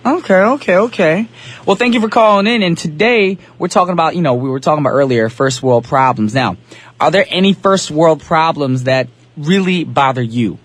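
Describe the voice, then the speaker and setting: A man's voice: fairly high pitch, moderate pace. Upbeat slangy radio DJ man. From New Jersey. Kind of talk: casual radio chat. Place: radio studio. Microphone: studio microphone.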